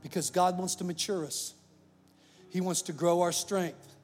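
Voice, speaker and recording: High-voiced preaching man in a reverberant hall. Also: unhurried, husky, soft background music. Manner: animated, swings from loud to hushed. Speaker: pastor. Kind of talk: sermon.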